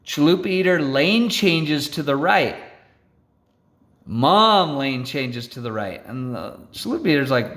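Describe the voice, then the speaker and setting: A man telling a road-rage story to an audience in an animated, theatrical way, often checking in with "right?" and "okay?". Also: fairly high pitch, unhurried. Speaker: storyteller speaker.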